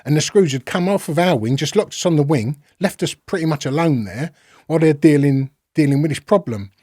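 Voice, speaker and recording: A man's voice: fairly high pitch, animated, fairly quick, warm tone, dry recording, clean studio sound. Man telling a rambling story. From London. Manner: rambling, swears freely, acts out quoted exchanges. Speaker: guest. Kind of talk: casual storytelling.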